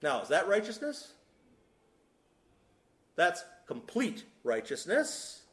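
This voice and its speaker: A man preaching a sermon, emphatic and deliberate, with sudden drops to a soft voice. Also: very high voice. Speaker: pastor. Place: church sanctuary. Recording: echoey room.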